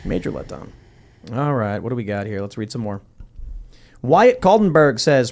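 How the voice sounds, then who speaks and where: A man's voice: medium pitch, big pitch swings, moderate pace, long pauses. A man hosting a podcast, reading viewer comments aloud and chatting casually with wry, jokey asides. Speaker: podcast host.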